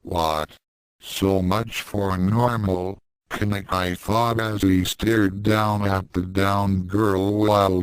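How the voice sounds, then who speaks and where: Male storyteller, deep unhurried voice, dry close recording. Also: clean tone, dry recording, poor audio. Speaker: fan fiction reader. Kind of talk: scripted narration.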